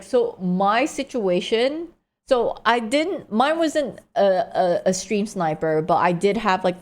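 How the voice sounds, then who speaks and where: A woman's voice: on the low side, a little mellow. Woman streamer telling a story. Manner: rambling, heavy use of "like" and "right?". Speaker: live streamer. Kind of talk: casual storytelling to chat.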